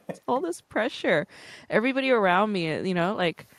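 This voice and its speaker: A woman's voice: medium pitch, expressive, moderate pace, dry recording. A woman hosting a podcast in casual chat, talkative and laughing often. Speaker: podcast host.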